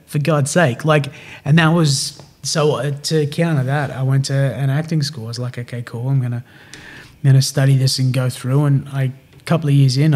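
Australian man in his thirties, podcast guest, lively storyteller who plays out the dialogue, mid-pitched voice. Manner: animated, slangy, acts out quoted dialogue. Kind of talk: casual storytelling.

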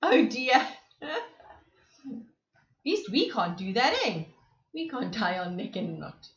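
A woman reads a rhyming picture book to little children in a slow, animated way, often stopping to ask them questions. Her voice sits fairly high and swings widely. The room is echoey and the sound slightly dull. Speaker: preschool presenter.

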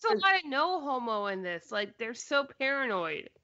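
Gravelly bright woman with wry asides. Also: on the high side, big pitch swings, moderate pace, muffled recording. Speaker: podcast co-host. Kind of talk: casual comedic movie review.

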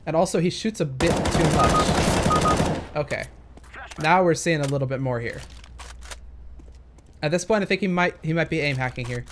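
A man's voice: a little high, huge pitch swings, moderate pace, long pauses, background noise. A young man casually commenting on gameplay footage, thinking aloud and hesitating with many fillers. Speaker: gaming commentator.

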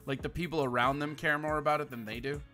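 A man's voice: a little high, fairly even intonation, fast talker, bright, forceful tone, faint music behind. A Minnesotan man co-hosting a podcast, chatting casually in a brash, profane, teasing way. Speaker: podcast co-host. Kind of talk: casual chat.

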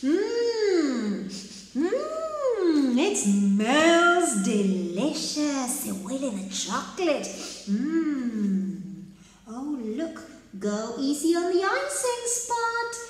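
High, sing-song storytime teacher, echoey room. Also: female voice, sing-song, extremely slow, a little mellow, soft background music. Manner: sing-song, exaggerated, coaxing children to join in. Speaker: children's English teacher. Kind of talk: bilingual storytime read-aloud for kids. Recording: very echoey room with long reverb.

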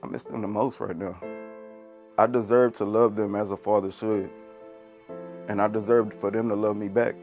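A man's voice: on the low side, steady tone, normal speed, pauses often, a little mellow. A man telling his side in a confessional interview, emotional and pleading. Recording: music bed underneath.

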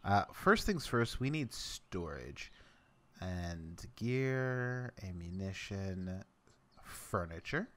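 A man's voice: deep voice, sing-song, very slow. A young man giving casual let's play commentary, rambling and muttering to himself as he works through a game's crafting menu. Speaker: gameplay commentator.

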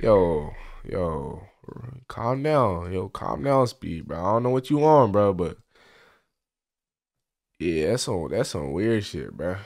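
A man's voice: deep voice, sing-song, takes it slowly, creaky, long pauses, darkish tone. A man streaming his reaction to a roast clip, casually joking, laughing and repeating phrases in slang.

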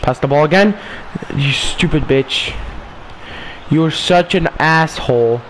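A young man talking over a football video game, frustrated and swearing, with bursts of yelling. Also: a little high, slow, slight background noise. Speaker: gaming streamer. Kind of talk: casual gameplay commentary.

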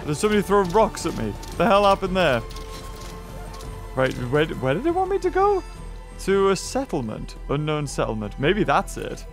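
Excitable gamer, high and lively. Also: male voice, moderate pace, faint music behind. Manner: chatty, excitable, talks to game creatures. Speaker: gaming channel host. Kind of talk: let's play commentary.

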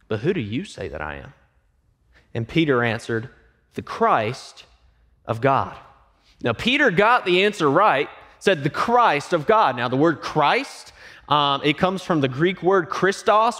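A man pastor preaching a sermon, acting out quoted voices and dropping to hushed, emphatic lines. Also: a little high. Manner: acts out quoted voices and asks the congregation questions.

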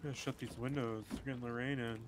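A man's voice: medium pitch, fairly even intonation, fast talker. A man casually chatting and joking in slang while playing a co-op game with a friend. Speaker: gaming channel host. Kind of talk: casual co-op gaming chat. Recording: noisy game audio behind voice.

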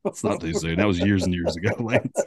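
A man's voice: sits low, fairly quick, husky, no echo, studio quality. A man with an Appalachian accent hosting a podcast in casual, rambling chat full of fillers and restarts. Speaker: podcast host.

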